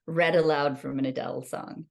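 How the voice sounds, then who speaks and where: A woman's voice: low-pitched, steady tone, normal speed, vocal fry, darkish tone. A woman co-hosting a podcast in casual chat, laughing often between remarks. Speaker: podcast co-host.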